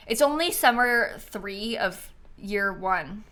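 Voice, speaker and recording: A woman game streamer chatting casually with her viewers as she plays, thinking aloud and often breaking into excited squeals and laughs. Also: medium pitch, a little slow. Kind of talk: casual live-stream chat while playing.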